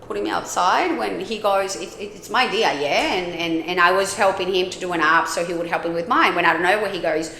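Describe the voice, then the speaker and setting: A woman's voice: fairly low pitch, a little fast, gravelly, few pauses, pushed and bright, slight background noise. Candid, rambling woman in a roomy echo. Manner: candid, rambling, frequent swearing and fillers. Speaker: podcast host. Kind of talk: personal storytelling podcast.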